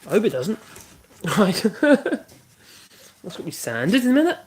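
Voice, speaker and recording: A man's voice: high-pitched, huge pitch swings, slow pace, a little hiss or hum. A man hosting a casual woodworking livestream, rambling and humming to himself as he works. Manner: rambling, hums to himself while working. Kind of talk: casual livestream chat while working.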